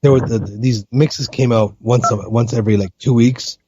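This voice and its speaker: A man's voice: mid-range voice, steady tone, normal speed, noisy background. A man guest in a casual call-in chat, rambling with laid-back slang. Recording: dull dry sound.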